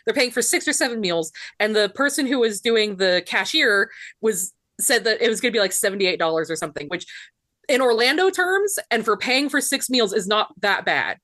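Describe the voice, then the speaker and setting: A woman's voice: fairly high pitch, expressive, moderate pace, a bit bright, no room sound. A woman in her thirties with a Southern US accent, co-hosting a podcast and telling a story in casual chat, laughing often and saying "like" a lot. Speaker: podcast co-host.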